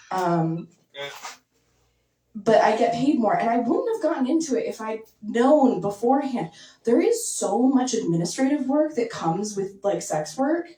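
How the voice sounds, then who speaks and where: Deadpan woman doing stand-up. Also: mid-range voice, normal speed. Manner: deadpan, conversational, full of likes and ums. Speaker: stand-up comedian. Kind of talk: stand-up set. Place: basement comedy venue with audience. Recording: echoey basement, mic heard from a distance.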